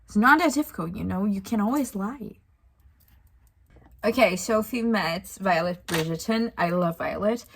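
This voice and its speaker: A woman's voice: medium pitch, normal speed, husky. A young woman reviewing a book in a casual vlog, ranting in exasperation with sighs and swearing.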